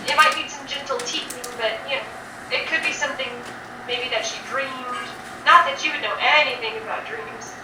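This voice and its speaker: A woman narrating as game master of a tabletop game, relaxed and rambling with lots of fillers. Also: sits high, fairly quick. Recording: echoey room, mic at a distance, noisy.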